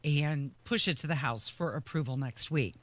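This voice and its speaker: High bright-voiced radio cohost reading news, dry studio mic. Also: male voice, moderate pace, no echo. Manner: brief agreeable backchannels, reads news items. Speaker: radio talk show co-host. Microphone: studio microphone.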